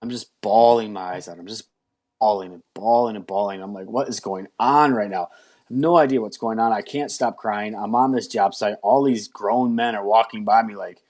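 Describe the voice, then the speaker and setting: A man's voice: lowish voice, normal speed, darkish tone. A man as an interview guest giving a candid personal testimony, acting out his own past words as he tells it.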